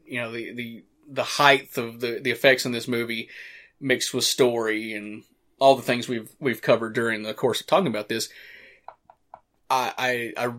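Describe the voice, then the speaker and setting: Male podcast host, casual commentary, rambling delivery, mid-pitched voice, swears casually. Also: little pitch movement, normal speed, fairly bright tone. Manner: rambling, frequent restarts and fillers, casual swearing. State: hiccups.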